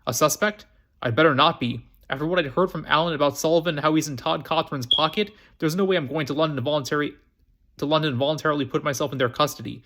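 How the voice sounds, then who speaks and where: A man reading aloud as a worried young journalist, defensive and questioning. The voice is slightly high with small stumbles. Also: fast talker, fairly bright tone.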